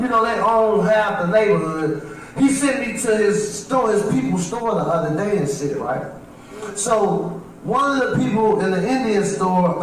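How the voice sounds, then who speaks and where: A man's voice: high voice, a little hiss or hum. A man from Chicago, a comedian telling profane street stories on a livestream. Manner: profane, streetwise, repeats "you know what I'm saying". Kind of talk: livestream stand-up storytelling. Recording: very echoey, far from mic.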